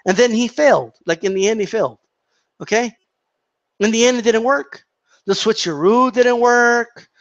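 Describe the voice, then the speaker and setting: A man's voice: very high voice, normal speed, dull audio. A man giving an opinionated, profane rant as a boxing commentator, repeating and tripping over his words.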